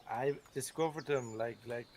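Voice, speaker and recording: A man chats casually while he streams a game, wandering through his stories with frequent restarts and loose fillers. His voice sits at an ordinary middle pitch, with a clear layer of steady noise running under the recording. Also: normal speed. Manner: rambling, many restarts and hedging fillers. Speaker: streamer host. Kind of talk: casual chat while gaming.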